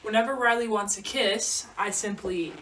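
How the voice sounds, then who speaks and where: A woman's voice: mid-range voice, normal speed, fairly bright tone. A woman talking in a cheeky, giggly way, recorded as a distant, slightly noisy phone video.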